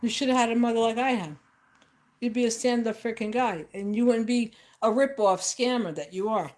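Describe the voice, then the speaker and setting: Woman, vlog host, blunt, profane, sarcastic, somewhat high voice. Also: normal speed, a little mellow. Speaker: channel host. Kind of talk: casual ranting vlog.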